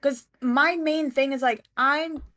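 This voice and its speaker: A woman's voice: high voice, steady tone, takes it slowly, sharp tone. A woman chatting casually as a guest on a call, hesitant, with many fillers and false starts. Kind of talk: casual conversation.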